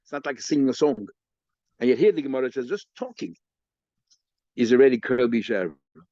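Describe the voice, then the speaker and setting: A man's voice: expressive, mellow, no room sound. A rabbi rattles through a Talmud class at great speed, circling back over his own words as he explains. The recording sounds muffled and lo-fi, with a dry, close room. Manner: rapid, stop-start explaining with many repeated words and restarts; acts out the sages' exchanges with a raised, mocking pitch. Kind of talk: informal Talmud lesson. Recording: dull, lo-fi lecture recording.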